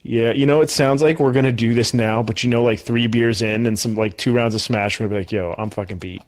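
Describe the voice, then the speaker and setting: A man's voice: mid-range voice, fairly even intonation, fast talker, darkish tone. Laid-back man bantering on a podcast. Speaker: podcast co-host. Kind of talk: casual podcast chat.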